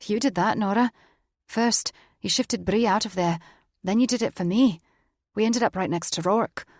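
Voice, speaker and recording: A woman's voice: medium pitch, moderate pace, no room sound, clean studio sound, voice pushed up, close to an everyday voice. A woman reading the part of a playful young man who talks in a light, sing-song way. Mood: teasing.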